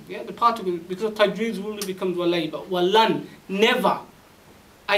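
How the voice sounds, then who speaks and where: A man's voice: sits high, fairly bright tone, recorded from a distance, poor audio. A man giving a religious lecture, preaching emphatically with rhetorical questions and quoted Arabic scripture. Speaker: Islamic preacher.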